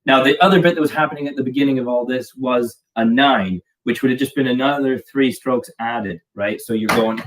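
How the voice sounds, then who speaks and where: A man's voice: medium pitch, fairly quick, few pauses. A man teaching drums in a casual video lesson, jokey and rambling, poking fun at himself. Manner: jokey, rambling, self-deprecating. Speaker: drum teacher. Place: home drum room. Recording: distant mic with clear background noise.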